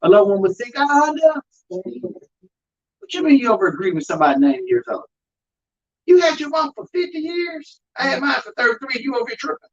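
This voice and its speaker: A man's voice: very high voice, wildly swooping pitch, fairly quick, dull audio. A man who works as an undertaker and hosts a show, talking emphatically about grief in a preaching style and calling out to the audience. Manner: emphatic, calls out to the audience with "y'all".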